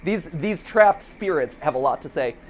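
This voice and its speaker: A woman hosting a gaming show, giving excitable let's-play commentary, with lots of laughs and restarts. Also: low voice, normal speed.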